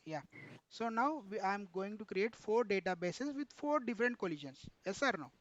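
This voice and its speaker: A man's voice: high voice, lively intonation, normal speed, a bit bright, no room sound, muffled recording. A man, teaching an online technical class and repeatedly asking students questions, addressing them as sir. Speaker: instructor.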